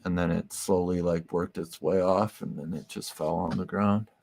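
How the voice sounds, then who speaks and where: A man's voice: low-pitched, fairly even intonation, moderate pace, gravelly, darkish tone. A man guesting on a podcast, chatting casually about his music, rambling with lots of fillers and swearing. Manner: laid-back, swears a lot, rambling with many fillers. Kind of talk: casual interview chat.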